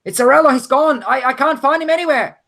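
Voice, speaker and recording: A man voicing a frightened young female deckhand, calling out in a high, strained, panicked voice. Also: slow pace, bright, forceful tone, heavily acted.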